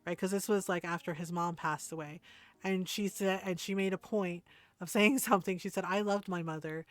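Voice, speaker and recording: A woman's voice: fairly low pitch, no echo. A middle-aged woman streamer chatting casually while gaming and telling a personal story candidly, swearing freely and laughing often.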